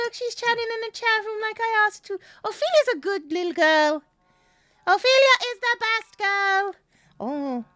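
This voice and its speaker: A woman's voice: extremely high pitch, bright, forceful tone, no room sound, pitched above the performer's own voice, heavily acted. A woman voicing a small cranky owl that sounds like a puppet, grumbling through game commentary. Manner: grumbling, chatty commentary to chat. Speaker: streamer.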